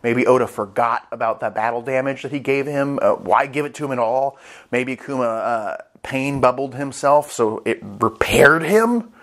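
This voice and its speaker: Man, casual vlog reviewer, rambling, excitable, profane. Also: mid-range voice, moderate pace. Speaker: anime chapter reviewer.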